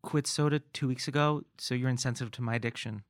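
A man's voice: medium pitch, steady tone, fast talker, dry recording. A man hosting a podcast, chatting with dry, teasing banter. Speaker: podcast host. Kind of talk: casual podcast chat.

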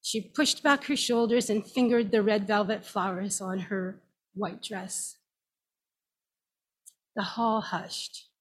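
A woman reading a story aloud in slow, measured narration. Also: medium pitch, fairly even intonation, slightly rough.

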